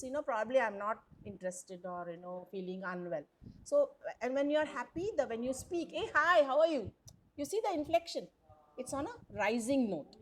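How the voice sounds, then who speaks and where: A woman's voice: on the high side, darkish tone. A woman lecturer, teaching a college class over a video call in a chatty way, often asking the students questions. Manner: chatty, repeats words, asks the class questions. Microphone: computer mic on a video call.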